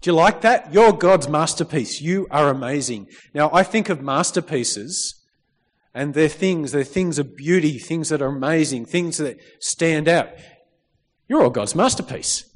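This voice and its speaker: Man, preacher, sermon, slightly high voice, calls for amens, long church reverb. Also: measured pace. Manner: lively, calls out for amens, reads scripture. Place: church hall.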